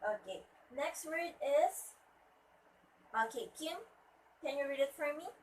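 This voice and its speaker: A woman teacher giving a pronunciation lesson, slowly repeating each word to model its stress. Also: high voice, lively intonation. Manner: slow and deliberate, repeats words to model stress. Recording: voice from a distance with faint ambience.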